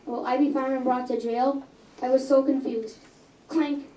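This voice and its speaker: A young girl with a high, mellow voice reads her own story aloud at a coffee house, earnest and occasionally tripping over words before fixing them. She speaks at normal speed with fairly even intonation. She's recorded from a distance in a reverberant room with faint background ambience.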